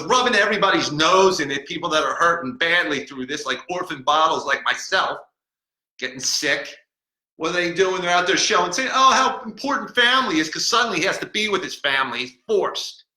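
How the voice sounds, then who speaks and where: A cranky, boastful talking bottle, as a man hosting a comedy podcast puts it on rambles and mocks, tripping over his words. The voice is sharp and strained, sitting a little high. It rings in an echoey room. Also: a little fast. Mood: mocking. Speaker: podcast host.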